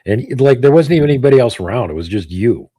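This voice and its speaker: A man chatting casually as a co-host, calm and with dry humor. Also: medium pitch, fast talker, breathy edge, dry recording. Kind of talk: casual chat.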